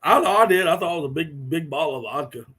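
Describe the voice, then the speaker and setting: A middle-aged man chats casually with his live-stream viewers. His voice sits a little high, and he rambles through his stories with frequent chuckles. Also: fast, bright, forceful tone, breathy edge. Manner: rambling storyteller, chuckling often.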